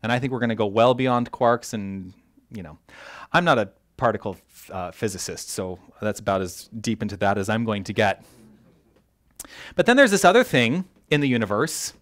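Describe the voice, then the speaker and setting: A man preaching a sermon as a minister, animated and joking with his congregation, tripping over his words when excited. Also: lowish voice, normal speed. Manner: animated, self-interrupting, jokes with the congregation. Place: church hall.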